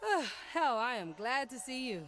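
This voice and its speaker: An actress playing a tough pirate crewmate in a video game, speaking briskly and bluntly. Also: female voice, high voice, sing-song, a bit bright, faint music behind.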